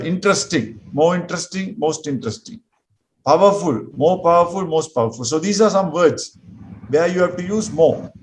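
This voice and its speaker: Male English teacher, somewhat high voice, patient, slow and repetitive drilling. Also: a little hiss or hum, poor audio. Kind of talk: classroom grammar lesson.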